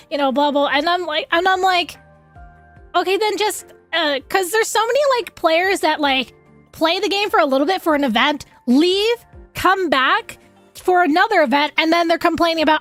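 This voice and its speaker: A woman's voice: very high-pitched, animated, moderate pace, fairly bright tone, faint music behind. A young adult woman streaming, chatting casually in a rambling, frank way and laughing often at her own jokes. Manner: rambling, giggly, frank, swears freely.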